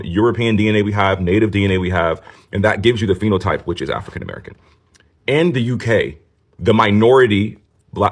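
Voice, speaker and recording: A man's voice: low voice, husky. A man hosting a commentary video, speaking emphatically and critically. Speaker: commentary host. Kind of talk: commentary monologue to camera.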